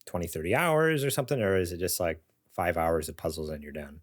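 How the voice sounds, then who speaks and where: A man with a somewhat low voice co-hosts a gaming podcast. He talks loosely and casually, filling pauses with ums and breaking into laughter. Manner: rambling, laughs often, many fillers. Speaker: podcast co-host.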